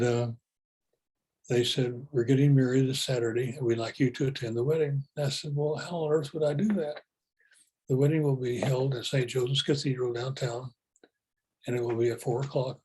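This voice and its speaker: A calm man tells his story at an unhurried, even pace. His voice is mellow and a little husky. He keeps a plain, matter-of-fact tone. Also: mid-range voice, low-quality recording. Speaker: speaker telling spiritual experiences. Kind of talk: personal storytelling.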